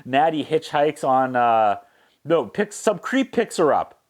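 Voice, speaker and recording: Man, sardonic film reviewer, tells the plot in a joking tone and drops into quick character voices. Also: fairly high pitch, very animated. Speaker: movie reviewer. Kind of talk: comedic plot recap.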